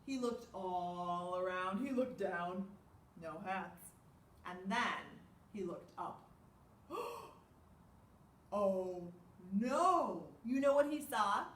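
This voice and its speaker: A woman's voice: medium pitch, slow pace, slight background noise. A woman leading a children's storytime, reading aloud with gasps and questions to her young listeners. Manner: animated, with gasps and questions to kids. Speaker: children's librarian. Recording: echoey room, far from mic.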